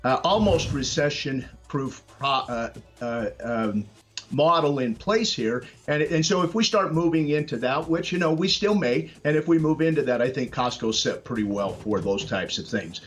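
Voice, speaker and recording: A man's voice: mid-range voice, animated, normal speed, a bit bright, faint music behind. Hesitant man talking markets. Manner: hesitant, many fillers and restarts. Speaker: market commentator. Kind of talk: financial news panel discussion.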